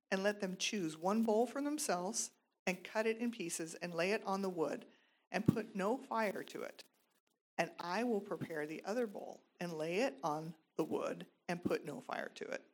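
A woman reading scripture aloud in a steady, measured way during a Bible study. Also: mid-range voice. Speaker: scripture reader.

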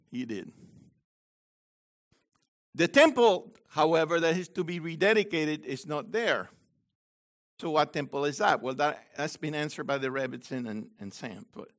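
A man with a high, animated voice preaches a sermon in a chatty, teacherly way. His tone is bright and forceful, rising for emphasis and dropping to a low aside for quotes. He keeps checking in with his listeners. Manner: conversational preaching, asks the crowd "okay?". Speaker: messianic teacher.

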